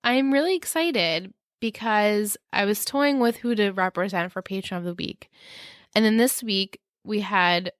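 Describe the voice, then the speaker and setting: A woman's voice: mid-range voice, a little slow. A woman co-hosting a podcast in casual chat, chatty and laughing often. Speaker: podcast co-host.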